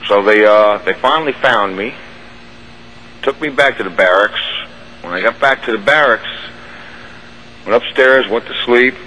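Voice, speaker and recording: A man's voice: fairly low pitch, moderate pace, pauses often, pushed and bright, a little hiss or hum, poor audio. A man, a radio show guest, recounting a strange personal experience in a rambling, vivid way with restarts.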